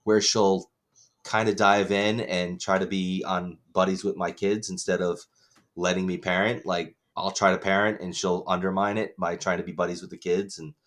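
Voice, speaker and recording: A man's voice: sits low, little pitch movement, normal speed, a bit bright. A man in his thirties co-hosting a podcast, telling rambling, profane stories in casual chat. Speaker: podcast co-host.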